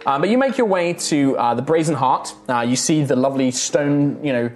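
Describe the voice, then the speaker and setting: A man's voice: on the high side, lively intonation, fairly quick, a little mellow. A man narrating a tabletop game as game master, with casual, rambling descriptions full of ums.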